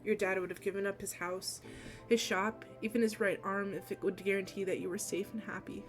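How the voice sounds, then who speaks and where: A woman's voice: medium pitch, little pitch movement, fairly quick, faint music behind. A young adult woman streamer reading a visual novel aloud, with casual, emotional asides.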